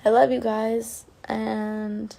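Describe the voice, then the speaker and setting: Woman, phone livestream, gravelly fry, chatty, affectionate, casual swearing. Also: fairly high pitch, level tone, extremely slow, warm tone. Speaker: livestreamer answering fan comments.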